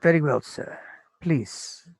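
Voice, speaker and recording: A man voicing a guarded, greasy middle-aged shopkeeper who talks in halting, broken English. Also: fairly high pitch, gravelly, husky, no echo, pitched above the performer's own voice, heavily acted. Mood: polite. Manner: halting, clipped phrases.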